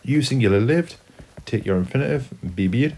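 A man's voice: medium pitch, expressive, normal speed, warm tone, a little hiss or hum. A man teaching Spanish grammar to students, explaining patiently step by step as he writes on a board. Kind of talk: classroom lesson at a whiteboard.

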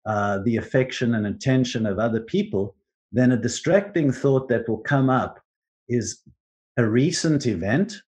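A man teaching on contemplative prayer in a gentle, earnest way, with frequent restarts. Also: medium pitch. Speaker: Christian teacher.

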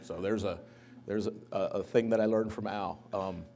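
Man, pastor type, eulogy in a church, lowish mellow voice, storytelling that perks up on quotes. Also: normal speed, creaky. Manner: anecdotal storytelling, lively when quoting others. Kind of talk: eulogy at a memorial service. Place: church sanctuary.

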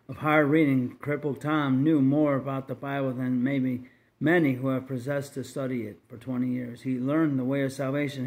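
Man, mid pitch, earnest, measured, reading a religious story aloud. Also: darkish tone. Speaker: story reader.

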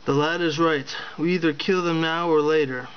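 A man's voice: on the high side, fairly even intonation, moderate pace, clean tone, highs cut off, close to an everyday voice. Man doing a bold dwarf rogue.

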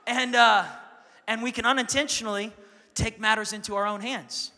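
A young man preaching a lively sermon as pastor, swinging from quiet asides to loud shouts. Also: high voice, normal speed, in a large hall. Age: young adult.

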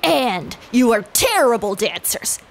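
A woman's voice: a little high, big pitch swings, slow pace, vocal fry, exaggerated voice. Woman doing a gloating rude pirate captain. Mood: mocking. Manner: mocking, gloating pirate laugh. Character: rude boastful male rival pirate captain.

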